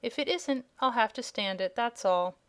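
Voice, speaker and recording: Casting: woman doing a spirited little girl, earnest and frank, raised bright pitch, storybook. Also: animated, normal speed, clear, resonant tone, lightly acted. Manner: frank, earnest, a bit frightened. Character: plucky young farm girl from Kansas.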